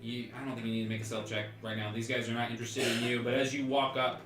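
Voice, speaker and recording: A man runs a tabletop game, narrating the scene in a halting way, full of fillers and restarts. His voice is bright and forceful. The room is echoey, and faint music plays underneath. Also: medium pitch, little pitch movement. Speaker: game master. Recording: roomy stream audio with faint music.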